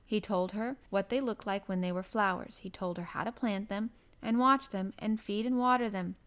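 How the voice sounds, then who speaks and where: A woman narrating a classic children's novel aloud in a gentle, even storybook manner. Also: mid-range voice, normal speed.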